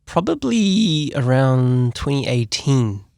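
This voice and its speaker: A man's voice: medium pitch, very animated, slow pace, gravelly, darkish tone, dry recording, clean studio sound. A man with a New Zealand accent, a podcast guest chatting casually and reflectively, with lots of "man" and "like". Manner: laid-back, drops "man" and "like" often. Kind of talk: casual chat. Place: podcast studio.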